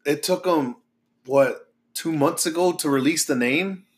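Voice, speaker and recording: A man's voice: on the high side, measured pace. A man co-hosting a podcast, chatting casually with lots of fillers and swearing. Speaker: podcast co-host. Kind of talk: casual chat.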